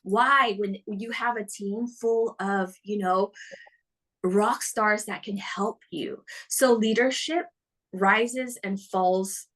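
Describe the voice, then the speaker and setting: Woman, team leader, earnest, emphatic, slows for emphasis. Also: medium pitch, fairly even intonation, fairly bright tone, poor audio. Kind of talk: motivational talk.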